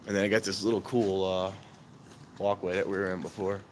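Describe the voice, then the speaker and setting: A man's voice: deep voice, level tone, brisk. Chatty man rambling outdoors, noisy background. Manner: chatty, chuckles often between remarks. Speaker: vlogger. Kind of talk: casual rambling storytelling. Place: outdoors at a train station at night. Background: outdoor ambience.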